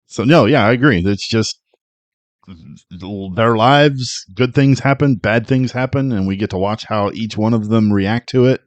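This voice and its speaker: A man's voice: mid-range voice, unhurried, no room sound. A man co-hosting a movie podcast, chatting casually and enthusiastically, often laughing and restarting words. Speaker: podcast co-host.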